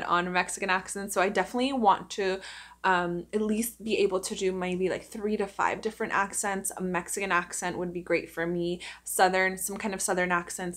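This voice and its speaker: A woman's voice: mid-range voice, a bit bright. A young adult woman, an actor, chatting casually and enthusiastically to camera with many fillers. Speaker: actor and vlogger.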